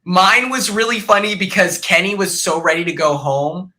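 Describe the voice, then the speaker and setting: A young man guest on a podcast, telling animated stories about his time on a reality show and laughing often. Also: high-pitched, normal speed. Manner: animated storyteller who acts out quotes and laughs often. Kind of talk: casual podcast chat.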